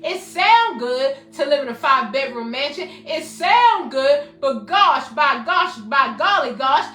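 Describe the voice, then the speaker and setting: High, bright-voiced woman giving a motivational talk. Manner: emphatic and repetitive, addresses viewers by name. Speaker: host and self-help speaker. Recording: roomy echo, faint music behind.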